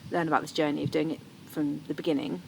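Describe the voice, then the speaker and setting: An enthusiastic woman co-hosts a podcast in a casual chat. Her voice sits somewhat low for a woman. Steady background noise is clearly heard behind her. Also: fast talker. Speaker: podcast co-host.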